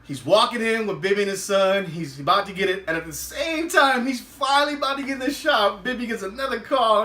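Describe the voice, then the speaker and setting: A man with a high, bright voice chats animatedly through a TV episode recap, chuckling as he goes. He sounds roomy and set back from the mic. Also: a little fast, hardly any pauses, recorded from a distance. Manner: animated, laughs often, acts out quotes. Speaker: podcast host.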